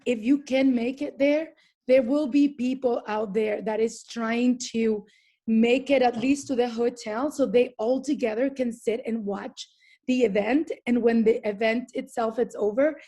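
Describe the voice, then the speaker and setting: A woman's voice: a little high, fairly even intonation, a little slow, mellow. A woman team coach giving an earnest, urging motivational talk on a group call.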